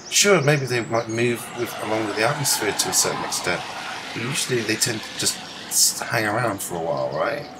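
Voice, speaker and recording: A man with a lowish voice gives meandering live commentary outdoors. He swears casually and often leaves sentences unfinished. Loud outdoor noise presses in around his voice. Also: lively intonation, fairly quick. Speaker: livestreamer filming the sky. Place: outdoors under the sky.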